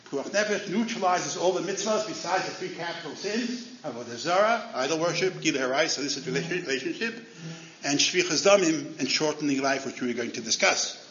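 A man's voice: sits high, bright, forceful tone, roomy sound, lo-fi sound, a little hiss or hum. A man giving a Torah lecture as a rabbi, telling stories and acting out the characters' lines with sudden rises in voice.

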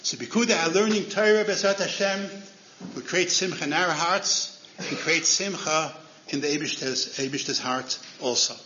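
A man's voice: on the high side, normal speed, bright, forceful tone, echoey room, muffled recording, slight background noise. A man giving a Torah lecture as a rabbi, telling stories and acting out the characters' lines with sudden rises in voice.

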